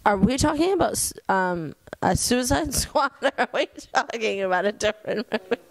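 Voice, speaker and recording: A woman's voice: fairly high pitch, lively intonation, normal speed, creaky, slight background noise, rough recording. A young adult woman interviewing a small child in a teasing, patient way, laughing often. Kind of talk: playful casual chat with a child.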